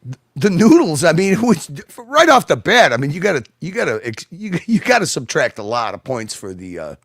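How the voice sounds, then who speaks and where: A man co-hosting a casual chat, animated and swearing, quick to laugh as he judges a meal. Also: on the high side, no room sound, clean studio sound. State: married. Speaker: co-host. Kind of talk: casual food chat on a show.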